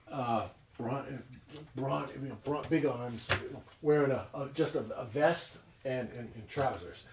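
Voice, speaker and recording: A man narrating a tabletop game as game master, halting with many restarts and fillers. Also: mid-range voice. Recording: echoey room from far off, noisy.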